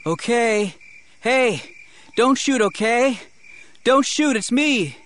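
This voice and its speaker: A man reading an audiobook voices a frightened teenage boy calling anxiously out of the dark. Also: sits high, normal speed, slight background noise, pitched above the performer's own voice. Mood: pleading. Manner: anxious, pleading calls.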